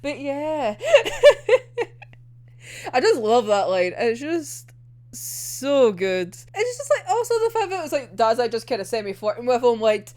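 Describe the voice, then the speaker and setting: A woman casually reacting to an anime episode, excitable and sweary with frequent giggles. Her voice is a little high and very animated, swooping up and down. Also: unhurried. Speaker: vlogger.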